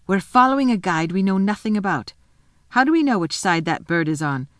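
A woman reading a storybook voices a sulky, suspicious younger boy who talks in low doubting tones. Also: animated, a little fast, no echo, clean studio sound, close to an everyday voice.

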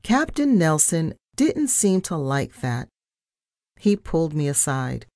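A woman reading a children's storybook aloud in first person, with an animated delivery. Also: low-pitched, slow, dry recording, clean studio sound.

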